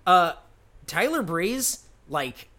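Man, podcast co-host, casual chat, animated pitch, bright tone, swears a lot, rambling. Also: very slow. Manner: profane, rambling, laughs often.

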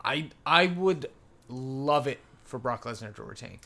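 A man's voice: medium pitch, expressive, measured pace, pushed and bright. A man co-hosting a casual podcast, giving blunt, sarcastic opinions on wrestling, often repeating himself and swearing. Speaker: podcast co-host.

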